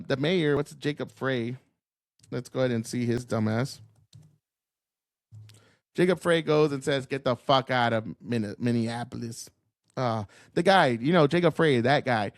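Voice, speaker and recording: A man's voice: medium pitch, no echo, clean studio sound. A man hosting a political commentary stream, ranting in an angry, profane, combative way.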